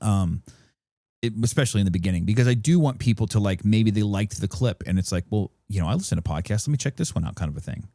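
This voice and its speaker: A man's voice: fairly low pitch, lively intonation, quick pace, warm tone, no echo. A man co-hosting a casual podcast, explaining things at length with lots of fillers into a studio microphone. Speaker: podcast co-host.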